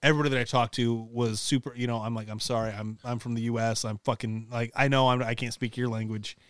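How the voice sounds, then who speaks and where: A man's voice: medium pitch, fairly even intonation, fast talker, a bit bright, clean tone, no room sound, studio quality. A man in his thirties from Ohio, chatting on a podcast in a rambling way with many fillers and swearing. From Paulding, Ohio, US. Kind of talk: casual podcast chat.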